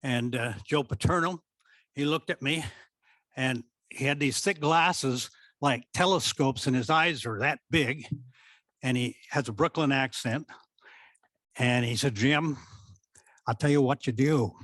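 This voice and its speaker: A man's voice: mid-range voice, unhurried, no echo. An older man from the American Midwest, a former theatre director, telling stories from his career and acting out what people said. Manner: animated storyteller who acts out quoted speech. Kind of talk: storytelling reminiscence at a talk.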